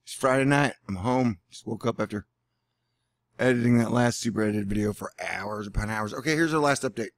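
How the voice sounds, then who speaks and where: Brief: male vlogger, gravelly, dry close sound, sarcastic and rambling. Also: fairly low pitch, fairly quick, no echo. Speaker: weather vlogger. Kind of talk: casual vlog commentary. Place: indoors at home.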